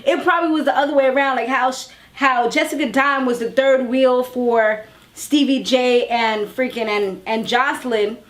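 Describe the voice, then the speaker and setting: A woman's voice: sits high, steady tone, normal speed. A woman reviewing a reality TV episode in a casual, chatty, slangy recap.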